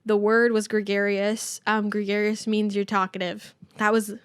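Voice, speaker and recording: A woman's voice: medium pitch, level tone, normal speed, clean tone, no echo, studio quality. A young woman hosting her own casual podcast, rambling, self-deprecating and swearing freely. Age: young adult. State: out of breath. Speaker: podcast host. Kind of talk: casual solo podcast chat. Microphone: camera mic.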